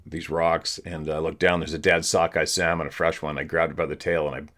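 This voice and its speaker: The host's voice is extremely low and a bit bright, delivered flat and briskly. He's at home telling stories in a relaxed, casual chat, full of swearing and laughter, recorded via laptop camera.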